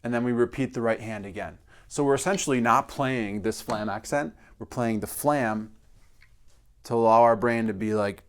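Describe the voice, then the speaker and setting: A man's voice: medium pitch, moderate pace. A male drum teacher explaining a practice exercise step by step and counting beats aloud. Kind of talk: instructional demonstration.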